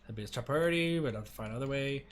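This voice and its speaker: A man's voice: mid-range voice, very fast. A man streaming a visual novel, reading its narration aloud with jokey asides and casual commentary.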